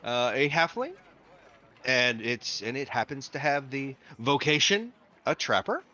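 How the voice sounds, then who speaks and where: Bright-voiced male game master. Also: mid-range voice, animated, unhurried. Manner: rambling, joking, lots of restarts. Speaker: dungeon master. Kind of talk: running a tabletop game. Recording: dull lo-fi audio.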